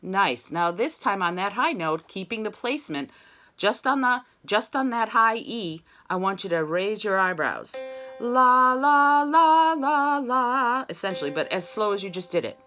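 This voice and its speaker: Woman voice coach on a video call; bright tone, mid pitch, breaks into sung examples as she teaches. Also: lively intonation, moderate pace, faint music behind. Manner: demonstrates sung syllables between explanations. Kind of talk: online singing lesson.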